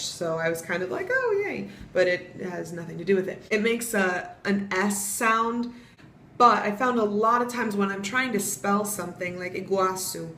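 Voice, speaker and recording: A young American woman talks in a relaxed, chatty way and spells words out letter by letter as she explains them. Her voice sits in a middle register. The room is echoey, with a faint hum of ambient noise underneath. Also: medium pitch. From United States. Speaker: vlogger teaching Portuguese pronunciation. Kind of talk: casual vlog lesson.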